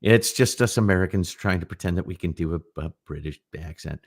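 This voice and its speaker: A middle-aged man co-hosting a casual livestream chat, telling rambling, animated stories. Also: deep voice, brisk, slightly rough. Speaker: livestream co-host.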